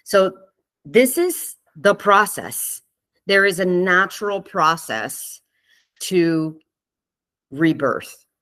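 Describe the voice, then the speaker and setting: Low-voiced woman leading a spiritual talk. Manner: gentle and conversational, often checks in with "okay?" and "right?"; laughs easily. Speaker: spiritual teacher hosting a live online session. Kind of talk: spiritual talk to a live online group.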